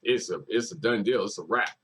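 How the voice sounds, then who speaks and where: A man's voice: on the low side, brisk, poor audio. A man hosting a music reaction video, talking casually and emphatically, repeating lyrics and hyping up the artist.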